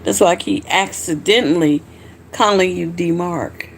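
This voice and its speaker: A woman's voice: lowish voice, unhurried, vocal fry, slight background noise. A woman hosting a casual late-night livestream, tipsy and hiccuping, chatting loosely with viewers and swearing freely. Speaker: livestream host.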